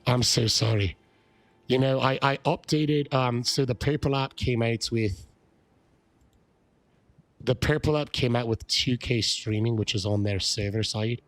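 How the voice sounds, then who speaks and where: A man live-streaming a game, chatting with viewers, shouting excited greetings and swearing. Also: mid-range voice, a little slow, dry recording. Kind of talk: live-stream chat while gaming.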